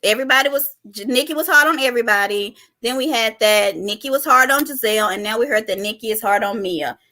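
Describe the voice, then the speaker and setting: Woman co-host chatting about a reality show, bright voice, a bit high, says y'all a lot. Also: fast. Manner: chatty, addresses listeners as y'all. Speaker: podcast host. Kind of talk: casual chat.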